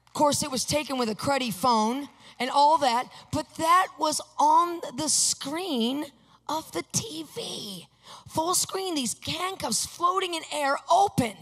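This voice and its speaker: A woman preaching a sermon, telling a personal story and acting out her own reactions with animated energy. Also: high voice, slow. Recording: long hall reverb.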